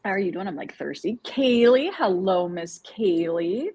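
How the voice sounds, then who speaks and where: A woman's voice: medium pitch, animated, normal speed, a little mellow, slightly rough, dry recording. A woman co-hosting a casual livestream chat, bubbly and chatty, greeting viewers by name. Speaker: livestream co-host.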